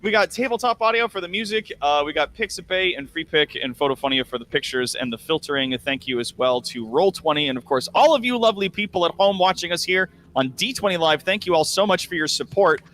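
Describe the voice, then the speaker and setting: Male game master narrating a tabletop game, bright voice, relaxed, with many fillers. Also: on the high side, quick pace, hardly any pauses.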